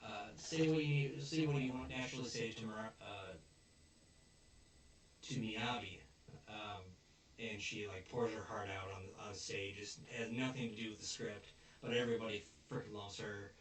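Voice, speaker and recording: Recapping an episode at a normal speed, this podcast co-host has a lowish voice and casually retells scenes, giving the characters lively quoted voices. There's slight background noise, with a distant mic and a roomy echo.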